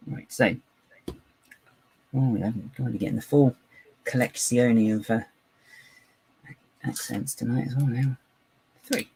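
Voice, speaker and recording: A man's voice: fairly low pitch, normal speed, vocal fry, pauses often, dark tone, a little hiss or hum, low-quality recording. A man chatting live while building, rambling, giggly and self-mocking. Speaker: live-streaming LEGO builder.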